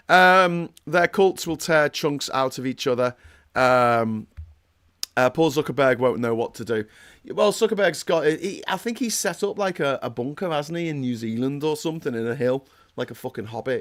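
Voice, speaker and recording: A man from Britain hosts a casual livestream and talks politics in a heated, rambling way, often stopping and restarting. He reads viewer comments aloud between his points. His voice sits at a middle pitch. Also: lively intonation, normal speed, a bit bright. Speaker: host.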